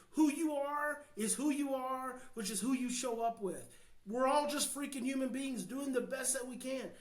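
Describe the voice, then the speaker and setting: An American man, a guest expert on a podcast, talking passionately and earnestly, dropping to a hush and then building to emphatic points. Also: high-pitched, reverberant, poor audio. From United States. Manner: passionate, slows down to near-hushed then swells with emphasis. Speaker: guest, child behavior expert. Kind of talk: podcast interview, earnest advice.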